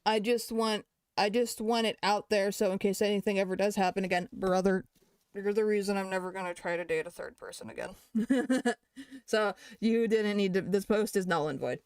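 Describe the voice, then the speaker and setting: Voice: mid-range voice, normal speed, clean tone, dry recording, clean studio sound. A young adult talking casually and with plenty of swearing, reading posts aloud and reacting to them. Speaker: creator responding to allegations. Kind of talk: casual commentary.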